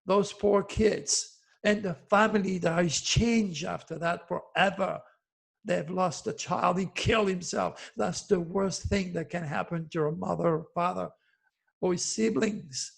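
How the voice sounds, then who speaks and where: An older man in his seventies delivers a fervent, sermon-like monologue to his followers. His voice sits high for a man, with a gravelly fry and a husky, breathy texture. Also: fairly even intonation, a little slow. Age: 70s. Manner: impassioned, preachy, addresses listener as "my good friend". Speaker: astrologer host. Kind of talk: direct-to-camera monologue.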